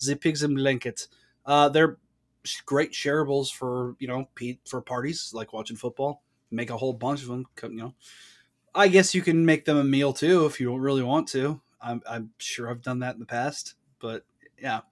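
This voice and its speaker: A man's voice: medium pitch, normal speed. Podcast co-host, man, mid voice, easygoing storyteller, casual chat.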